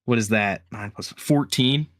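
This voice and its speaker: A man playing a tabletop game, thinking aloud in a halting, casual way. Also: on the low side, no room sound. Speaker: player.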